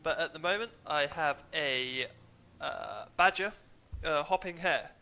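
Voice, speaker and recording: A young man rambles through a casual game stream in a droning, self-mocking way. His voice sits a touch high and sounds bright and forward, with a sniffle from hay fever. It is picked up on a desk mic at home. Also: unhurried, a little hiss or hum. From England. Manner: rambling, chatty, self-deprecating. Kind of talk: casual gaming stream commentary. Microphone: desk mic, muted now and then.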